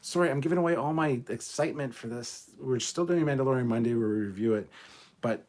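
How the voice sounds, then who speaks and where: A man's voice: medium pitch, fast talker, a little mellow. A middle-aged man hosting a casual livestream, reading viewer comments aloud and reacting in a chatty way, swearing freely and joking about himself. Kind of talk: casual live chat.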